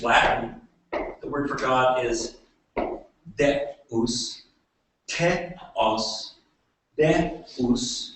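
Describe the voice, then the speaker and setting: A man giving a classroom lecture, talking haltingly with many fillers and restarts. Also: mid-range voice. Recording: echoey room, voice from far off.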